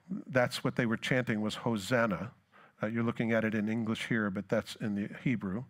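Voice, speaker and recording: Earnest guy preaching at church, reads verses louder then just talks plain, restarts his words a lot. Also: fairly low pitch, fairly even intonation, normal speed. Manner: reads scripture aloud with rising force, then talks plainly. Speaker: pastor. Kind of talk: sermon.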